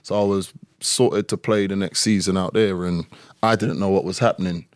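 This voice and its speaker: A man guesting on a podcast, telling stories in a lively, casual way and swearing freely. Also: sits low, moderate pace, no echo, studio quality. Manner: animated storyteller who swears casually. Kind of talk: casual chat.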